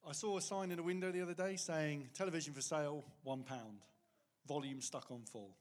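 A man from the congregation telling a one-liner in a dry, quiet, matter-of-fact way. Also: fairly high pitch, brisk. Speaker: volunteer from the congregation. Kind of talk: casual joke-telling.

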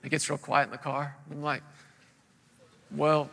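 A man's voice: fairly high pitch, completely flat delivery, fast, pushed and bright, breathy edge, long reverb tail. A man in his thirties preaching a sermon as a pastor, telling humorous stories and acting out the voices of the people in them.

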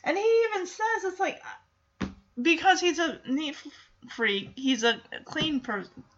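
High bright woman retelling a tv episode, acting out lines, kinda dull lo-fi audio. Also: measured pace, a little hiss or hum. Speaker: TV episode recapper. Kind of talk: casual episode recap. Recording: dull lo-fi sound.

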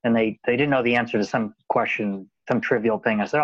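A man's voice: mid-range voice, steady tone, fast, dry recording, dull audio. A man in casual conversation, rambling and often repeating his words. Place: Los Angeles.

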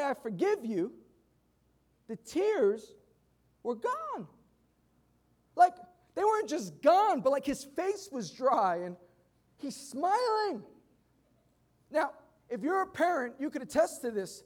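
Brief: pastor in his 30s, very high male voice, emphatic sermon delivery with playful storytelling. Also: sing-song, normal speed, darkish tone. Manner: emphatic preaching with humorous storytelling. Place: church service before a congregation.

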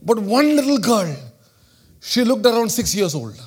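A man from southern India with an Indian accent, preaching a sermon and telling a personal story, swinging between loud, animated exclamations and hushed, quiet storytelling. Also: very high voice, unhurried, slightly rough. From Kerala, southern India.

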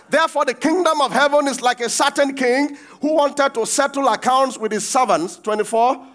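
A man preaching a sermon, reading verses and breaking off to quiz the congregation, acting out the quoted lines with sudden shouts. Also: very high-pitched, normal speed. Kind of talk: sermon with call-and-response.

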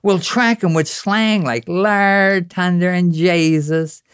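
Scheming male officials plot in howls and curses, voiced by a man reciting a poem. The voice climbs above his usual pitch and pushes louder. The sound is close and dry. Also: slow pace, smooth, no echo. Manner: blustering, cursing proclamation.

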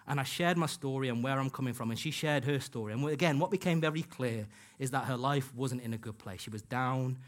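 Male preacher, mid-pitched voice, earnest storytelling sermon, acts out quoted lines. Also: fairly quick, few pauses. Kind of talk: sermon with personal stories. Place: church hall.

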